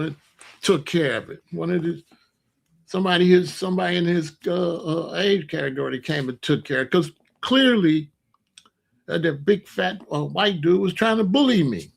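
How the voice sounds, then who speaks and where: A man's voice: high-pitched, normal speed, creaky. A middle-aged man hosting his own commentary channel, talking in a casual opinion monologue and telling stories with sound effects and mock voices.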